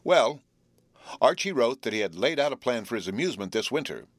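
A man's voice: medium pitch, sing-song, no room sound, pitched above the performer's own voice. Man doing teenage boy, cheerful, teasing, dry close mic. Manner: teasing, drawn-out storytelling.

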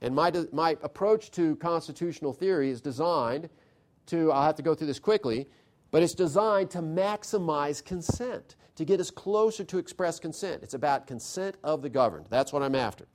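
A man with a fairly high-pitched voice delivers a live lecture on constitutional theory. He talks in a lively, conversational way and often puts questions to his audience. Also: moderate pace.

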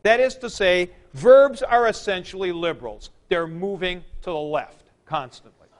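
A man teaching a class, asking questions and answering them himself, often clearing his throat. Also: high voice, moderate pace. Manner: uses sports comparisons and jokes. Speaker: Greek teacher. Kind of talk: classroom lecture.

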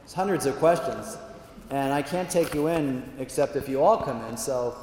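A man voicing a brisk, fatherly gatekeeper saint who speaks in a casual, matter-of-fact way, recorded in a reverberant hall. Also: medium pitch, a little mellow, a little hiss or hum, close to an everyday voice.

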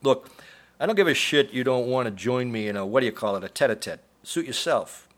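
A man voicing a crude, quick-tempered male restaurant cook, talking bluntly and coarsely. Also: mid-range voice, lively intonation, lightly acted. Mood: scornful.

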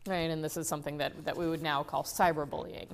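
Low-pitched and flat in delivery, a fast-talking woman lectures at an academic conference against slight background noise. She restarts sentences, repeats words mid-stream, and leans on tag questions to engage listeners.

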